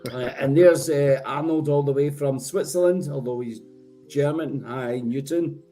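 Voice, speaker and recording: A man's voice: medium pitch, moderate pace, mellow, faint music behind. A man with a Scottish accent hosting a live show, chatty and jokey, often correcting himself as he rambles. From Scotland. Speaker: host.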